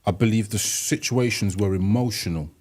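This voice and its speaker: A man's voice: lowish voice, normal speed, darkish tone. A middle-aged man, co-hosting a group chat, often stumbling over repeated words before making a point. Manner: hesitant, repeats words when starting a point. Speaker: podcast co-host.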